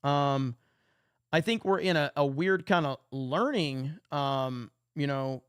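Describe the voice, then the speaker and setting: A man hosts a casual livestream. His voice sits a little high and sounds dry and close, with no room around it. He reacts to chat comments and repeats his points with blunt, profane emphasis. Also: slow, clean tone, no room sound. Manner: reads chat comments aloud. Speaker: podcast host.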